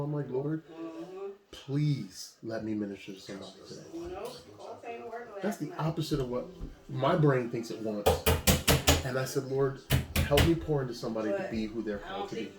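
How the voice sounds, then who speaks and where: A man preaching informally, talking straight to one listener as he urges him on. His voice sits at an ordinary pitch, and the sound rings off the walls of an echoey room with a crowd audible behind him. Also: normal speed. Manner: conversational, exhortative, speaks straight to a listener. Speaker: pastor.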